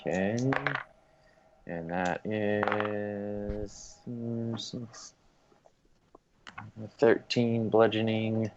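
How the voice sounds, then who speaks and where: A man with a very deep voice calls out dice rolls and damage in a tabletop game, slowly and with many hesitant ums. The recording comes through a dull, lo-fi mic with a faint hiss behind it. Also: little pitch movement. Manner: hesitant, full of ums while tallying dice. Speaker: player.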